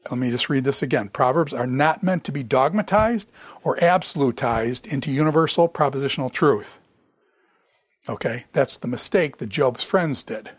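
A man giving a classroom Bible lecture, animated, chuckling and throwing in sarcastic asides. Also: on the high side, no echo.

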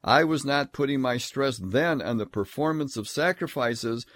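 A man giving a scripture lecture, emphatic, reading verses aloud in a measured, solemn tone. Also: medium pitch, a bit bright, dry recording. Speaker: Bible teacher.

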